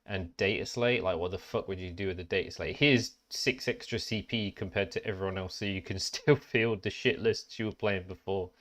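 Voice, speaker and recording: A man's voice: sits low, moderate pace, few pauses, fairly bright tone. A man co-hosting a podcast, talking casually and bluntly with a lot of swearing. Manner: blunt, sweary, complaining about game rules. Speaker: podcast co-host. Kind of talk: casual chat.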